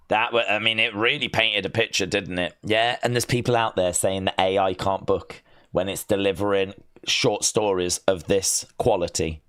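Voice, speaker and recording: A man's voice: lowish voice, fairly bright tone. A man hosting a casual livestream, rambling and joking as he reads text aloud to himself. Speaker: livestream host.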